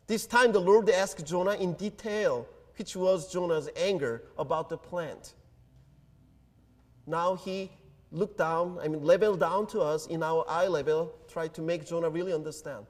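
High-voiced pastor preaching in a reverberant hall. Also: male voice. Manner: earnest, deliberate preaching with pauses. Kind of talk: sermon.

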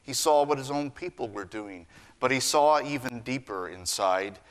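A man preaching a sermon, earnest, swinging between raised emphasis and hushed lines. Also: mid-range voice, normal speed. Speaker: pastor.

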